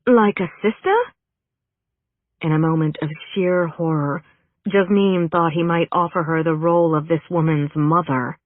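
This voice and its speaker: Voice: medium pitch, level tone, moderate pace. An audiobook narrator reads scripted prose with wry, dry humor. The recording is thin and phone-like, with dry, close sound and no room echo. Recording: narrow phone-like band, dry.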